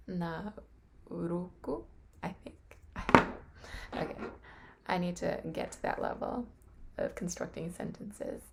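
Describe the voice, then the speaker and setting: A woman slowly practicing vocabulary on her webcam, sounding words out carefully and often dropping to a whisper. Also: lowish voice, gravelly, a little mellow, a little hiss or hum. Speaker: language learner. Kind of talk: casual self-study on webcam.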